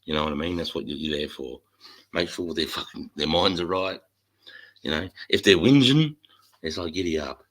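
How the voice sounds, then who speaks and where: A man's voice: sits low, normal speed, fairly bright tone, poor audio. A middle-aged man with an Australian accent, chatting bluntly and swearing freely about army life as the host. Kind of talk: casual chat.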